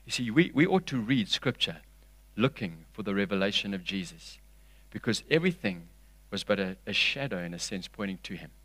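Animated preacher man, swinging loud and hushed. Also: lowish voice, normal speed, no room sound. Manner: reads scripture aloud with expression. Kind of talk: sermon.

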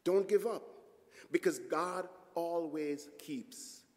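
A man's voice: fairly high pitch, slow pace. A man preaching a sermon as a guest preacher, telling stories and calling on the congregation to respond. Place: church. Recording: long reverb of a church hall.

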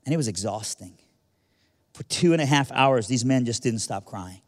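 Earnest American male speaker, mid-pitched, telling a story to a room with a long, echoing tail. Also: expressive, moderate pace. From United States. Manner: earnest, vivid retelling with repetitions. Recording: long reverb of a large hall.

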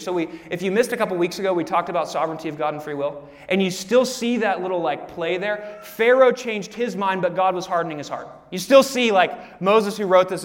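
Male pastor, higher voice, lively live sermon in a reverberant church hall. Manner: animated, acts out congregants' voices, speeds up on asides. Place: church sanctuary.

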